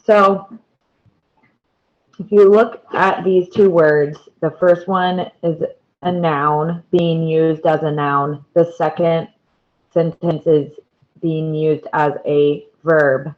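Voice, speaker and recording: A woman's voice: low voice, steady tone, takes it slowly, lo-fi sound. A woman teacher giving a patient classroom explanation, repeating key words and pointing to examples. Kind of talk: slow, deliberate classroom explanation.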